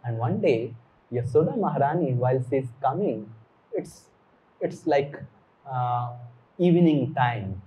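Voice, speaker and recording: Slow deliberate male preacher. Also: medium pitch, animated, muffled recording. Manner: slow, deliberate, mixing Sanskrit terms. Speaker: spiritual teacher. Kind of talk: devotional sermon.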